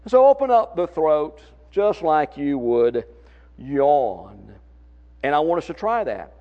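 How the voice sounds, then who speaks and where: A man with a Southern accent leading a church congregation in singing tips, folksy and encouraging. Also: on the high side. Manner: folksy, encouraging, demonstrates voice techniques. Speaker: church song leader. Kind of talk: singing workshop instruction. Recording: muffled lo-fi recording.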